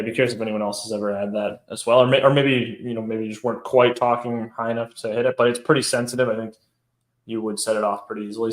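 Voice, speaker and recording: A man's voice: lowish voice, roomy sound, poor audio. A man co-hosting a live stream, casually adding details to his partner's answers. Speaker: co-host and company founder.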